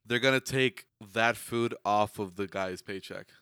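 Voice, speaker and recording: A young man in casual chat with friends, acting out scenes with loud quoted voices and laughing often. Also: lowish voice, unhurried, clean tone, no echo, clean studio sound.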